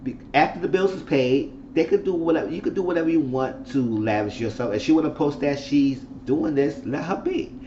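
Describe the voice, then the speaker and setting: A man's voice: fairly high pitch, fairly quick, few pauses, a little hiss or hum. A man recapping a show in a roomy, muffled room. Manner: animated, acts out quoted people. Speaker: YouTube reality-show reviewer. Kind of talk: casual episode recap.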